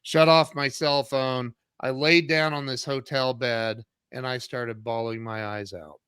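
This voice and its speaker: A man's voice: medium pitch, steady tone, measured pace, clean tone, no room sound, studio quality. A middle-aged man, an author and CEO, telling his own story earnestly in an interview and acting out past dialogue. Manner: earnest, acts out past dialogue with sudden loud jumps.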